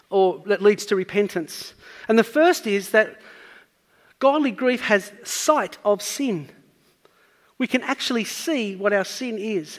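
A man's voice: sits high, big-room sound. A man preaching a sermon, earnestly teaching and building up to emphatic points.

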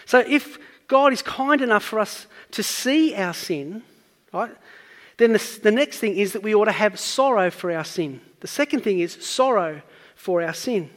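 A man's voice: high voice, animated, moderate pace, a bit bright, big-room sound. A man preaching a sermon, earnestly teaching and building up to emphatic points.

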